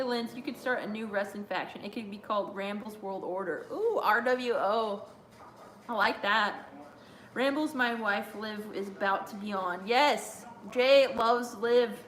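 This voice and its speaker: A woman's voice: a little high, fairly bright tone, a little hiss or hum. A young woman hosting a casual live watch-along stream, chatty and giggly as she reads viewer chat aloud. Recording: roomy echo.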